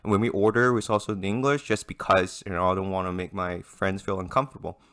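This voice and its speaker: A young man from Hong Kong, a podcast host telling a story in casual chat with lively restarts. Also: sits low, fast talker. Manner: animated storyteller, many restarts.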